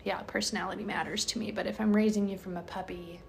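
A woman talking casually on a podcast about her dogs. She is blunt and profane and tells stories with energy. Her voice sits at an ordinary middle pitch. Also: steady tone, fast, gravelly, a little hiss or hum. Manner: blunt, swears freely, storytelling. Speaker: podcast host, dog owner.

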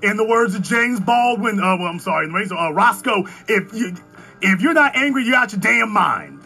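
High, bright-voiced ranting male commentator. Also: expressive, a little fast, soft background music. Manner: fiery, ranting, rhetorical questions. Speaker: political commentator. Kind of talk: heated political commentary.

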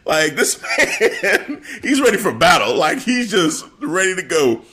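Animated man recapping wrestling. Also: sits high, a little slow. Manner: animated, laughing, acting out quotes. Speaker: wrestling podcast co-host. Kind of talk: casual chat recapping a show.

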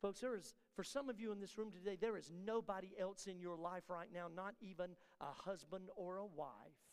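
A man preaching to a church congregation, his voice set very high with a gravelly rasp. He builds repeated refrains toward a peak and then falls back into soft asides. The sound carries a long reverb from the sanctuary. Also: normal speed. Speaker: pastor. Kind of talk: sermon.

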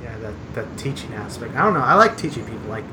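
A man talks in a loose, rambling way, full of likes and ums, often laughing at himself. His voice sits at an ordinary middle pitch. A clear, steady noise hums under his voice throughout. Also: fast. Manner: rambling, self-deprecating, many fillers and restarts. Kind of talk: casual chat.

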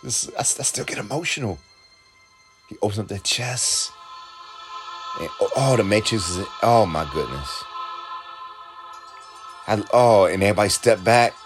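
A man giving an excited, emotional reaction commentary while watching a film. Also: on the low side, a little slow, long pauses, music in the background. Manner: emotional, exclaiming, laughing often. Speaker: reaction video host.

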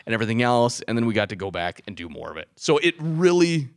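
A man's voice: mid-range voice, fast, no room sound, studio quality. A man co-hosting a casual podcast chat, telling a history story with frequent laughter. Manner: animated, laughs often, hams up a mock French accent. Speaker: podcast co-host.

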